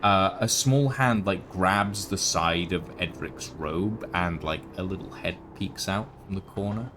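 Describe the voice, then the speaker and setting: A man narrating a tabletop game as game master, in slow, hesitant description with many fillers. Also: low-pitched, background noise.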